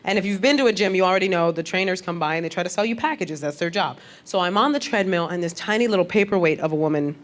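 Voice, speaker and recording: On a comedy stage, a woman performs a stand-up set, telling punchy stories and acting out other people's voices. She speaks fast in a low voice with hardly any pauses. The live club recording picks up audience laughter, crowd and room noise.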